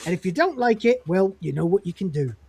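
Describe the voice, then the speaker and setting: A woman's voice: lowish voice, lively intonation, moderate pace, gravelly, darkish tone, slight background noise. A woman putting on a stern middle-aged father who lectures his son in a strict, scolding way. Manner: strict, scolding, mock-authoritative.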